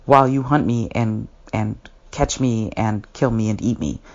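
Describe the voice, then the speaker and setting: A woman's voice: extremely low pitch, moderate pace, a little mellow, pitched below the performer's own voice. A woman voicing a sarcastic female deer, in a slightly dull lo-fi recording. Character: scoffing female deer mocking being hunted.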